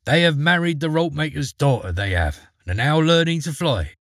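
A man's voice: fairly high pitch, lively intonation, brisk, fairly bright tone, no echo, studio quality. A man voicing a sly, grim stranger in a storybook reading, speaking in a knowing way.

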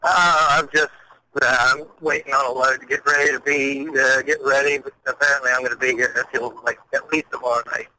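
A truck driver calls in to a talk show. He speaks in a very bright, sharp-edged voice, laid-back and dry, pausing on fillers. There is faint noise behind him. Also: mid-range voice, fairly even intonation, low-quality recording. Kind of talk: casual phone-in chat.

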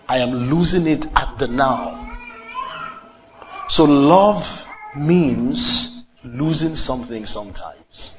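A man's voice: mid-range voice, highs cut off, background noise. A man preaching a sermon, asking the congregation questions and leading call and response.

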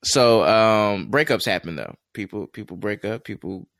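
A man co-hosting a casual podcast, relaxed and rambling with many fillers. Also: lowish voice, normal speed, no room sound, clean studio sound. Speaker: podcast co-host.

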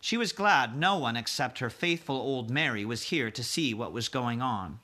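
A man, a teacher, reading a chapter book aloud to his class and pausing to explain hard words for children. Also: medium pitch, expressive, sharp tone.

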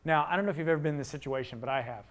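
A middle-aged man preaching a sermon, telling the story with rhetorical questions and rising to loud emphasis. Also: fairly high pitch, very fast. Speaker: pastor.

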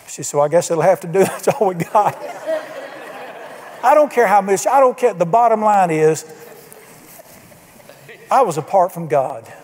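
A man's voice: high voice, darkish tone. A man preaching a sermon, telling folksy stories and acting out the people he quotes. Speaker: pastor. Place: church sanctuary. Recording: long reverb of a church hall.

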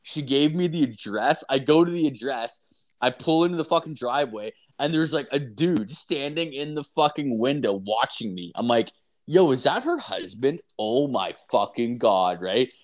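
A young man, rambling and profane, telling an animated anecdote in casual chat with filler words everywhere. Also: medium pitch, normal speed. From Canada. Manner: animated, acts out voices in anecdotes.

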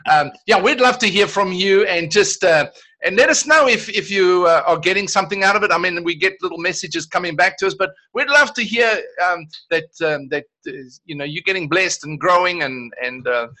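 A South African man co-hosting a casual faith podcast, talking in a halting way with repeated words and many fillers. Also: high voice, bright, forceful tone. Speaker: podcast co-host.

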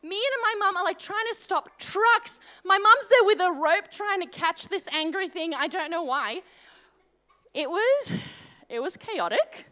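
A woman with a high, bright voice tells a comic personal story. She talks casually and animatedly, full of asides and "like" fillers. Her tone is sharp and forward. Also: animated, a little slow.

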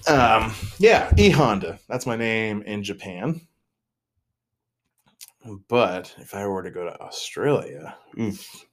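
A young man with a very low, deep voice hosts a casual solo podcast. He rambles freely, jumps between topics and cracks self-deprecating jokes. He often stalls and restarts his sentences, and he sounds a little tired. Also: animated, slow pace, pauses often. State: mentally tired. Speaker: podcast host.

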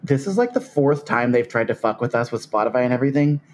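A man's voice: mid-range voice, expressive, fast, a little hiss or hum. A man co-hosting a comedy podcast, joking around and laughing often. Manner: giggly, playful. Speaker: podcast co-host. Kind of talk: casual comedic chat.

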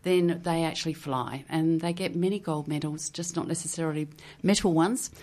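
Playful woman guest, lowish voice. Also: moderate pace, darkish tone. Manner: playful, laughing easily. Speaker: guest, executive coach. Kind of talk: casual radio interview. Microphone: studio microphone.

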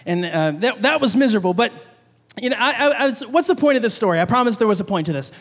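Preaching in a conversational way, a young adult pastor shares a personal story with his congregation, using a fretful voice whenever he acts out what was going through his panicked head. He's a fast talker whose unusually high male voice echoes with a sanctuary's long reverb.

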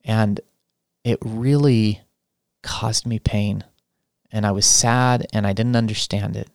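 A man hosting a spiritual podcast, talking in a soft, reflective way with many restarts. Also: on the low side, fairly even intonation, takes it slowly, vocal fry, dry recording, clean studio sound. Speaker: podcast host. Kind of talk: spiritual teaching talk.

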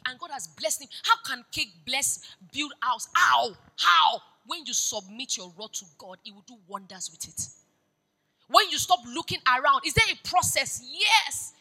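A woman pastor preaching a sermon. She moves between hushed storytelling and loud, urgent exhortation. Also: high voice, breathy edge, rough recording.

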